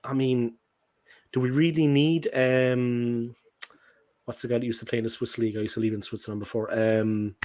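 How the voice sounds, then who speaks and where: An Irish man with a mid-pitched voice chatting casually on a football podcast. He talks in a loose, joking way and rambles from one point to the next. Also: little pitch movement, normal speed, darkish tone. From Ireland. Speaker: guest.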